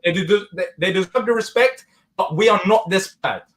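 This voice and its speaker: A man's voice: high-pitched, normal speed, fairly bright tone. Exasperated man. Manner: exasperated, fuming, laughs often. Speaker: host of a football fan channel. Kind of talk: casual watch-along chat.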